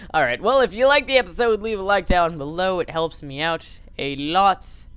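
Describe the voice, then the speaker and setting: A man's voice: high voice, a little slow, fairly bright tone, clean tone, no echo. A man giving goofy, joking commentary over a game he plays as host. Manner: goofy, joking, mock voices. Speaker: let's play host. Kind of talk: gaming commentary.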